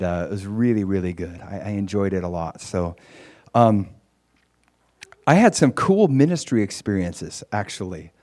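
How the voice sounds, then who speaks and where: A man casually recounting a ministry trip, growing animated and loud as the story builds. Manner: animated, gets loud and high when excited; frequent fillers and restarts. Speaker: traveling minister.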